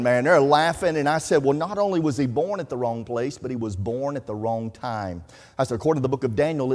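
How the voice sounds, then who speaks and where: A man's voice: medium pitch, darkish tone. A man preaching a sermon, telling folksy stories and quoting scripture. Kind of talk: sermon storytelling. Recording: reverberant hall.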